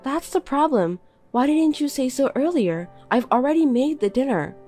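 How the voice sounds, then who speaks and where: A woman's voice: high voice, animated, moderate pace, mellow, faint music behind, pitched above the performer's own voice. Defensive tired housewife, raised voice of a woman reader, pleading. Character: tired, hurt young housewife. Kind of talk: reading a text-message story.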